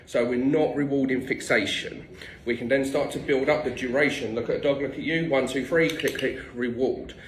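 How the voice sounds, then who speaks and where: A man's voice: mid-range voice, steady tone, normal speed, roomy sound, slight background noise, poor audio. A man working as a dog trainer, giving blunt, no-nonsense instructions with the odd swear word. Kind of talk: direct instructional tips.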